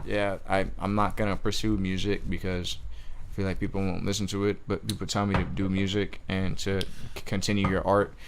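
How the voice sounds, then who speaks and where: A man's voice: low voice, completely flat delivery, a little fast, slight background noise. Stammering young man rambling on a podcast. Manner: rambling, stammering restarts, swearing. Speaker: podcast guest. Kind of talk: casual chat.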